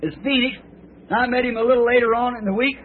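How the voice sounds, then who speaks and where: Middle-aged male preacher, high-pitched, rambling folksy storyteller, faint hiss. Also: fairly even intonation. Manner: folksy, rambling, drawn-out phrasing. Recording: tinny, lo-fi old sermon tape.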